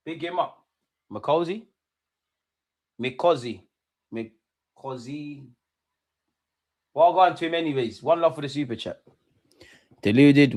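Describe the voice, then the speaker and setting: A young man, chatting with viewers and shouting them out during a live football watch-along. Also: medium pitch, dry recording. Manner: chatty slang-heavy banter, shouting out viewers. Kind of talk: live reaction chat.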